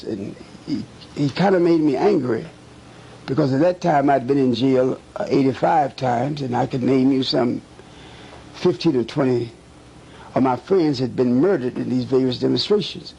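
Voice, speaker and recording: Gravelly older man, earnest and emphatic. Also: medium pitch, mellow, slight background noise, rough recording. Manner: earnest, deliberate, emphatic repetition. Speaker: former civil rights activist recounting memories. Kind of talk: recorded recollection.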